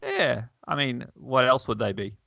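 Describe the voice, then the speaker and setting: Podcast chat from a man with a gravelly edge and a bright, forceful tone, who talks wryly and chuckles as he reads a comic aloud. The sound is dull and lo-fi. The room is dry. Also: mid-range voice, big pitch swings, moderate pace, dry recording. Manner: wry, chuckling, lots of fillers. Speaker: podcast host.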